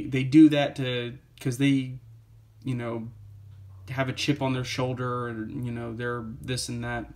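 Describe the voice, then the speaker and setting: A young man reviewing a comic book in a casual, rambling way, with many fillers and quotes read aloud. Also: mid-range voice.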